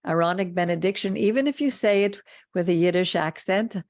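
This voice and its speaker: A woman hosting a Torah study program speaks earnestly and emphatically in a fairly low, darkish voice at a fairly quick pace. She gives a teaching talk and a closing blessing, recorded with studio quality and no room sound.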